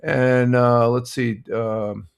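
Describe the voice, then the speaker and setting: Older guy with a gravelly voice, rambly and blunt, chatting with viewers on his morning stream. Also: medium pitch, flat delivery, drawn-out words. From United States. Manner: rambling with many restarts and fillers, blunt and opinionated. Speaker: live stream host. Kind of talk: casual chat reading viewer comments.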